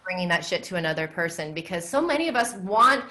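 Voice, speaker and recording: A woman guest on a podcast, a dominatrix and educator, talking in a relaxed, reflective way with many fillers and easy laughs. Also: lowish voice, quick pace. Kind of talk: casual podcast conversation.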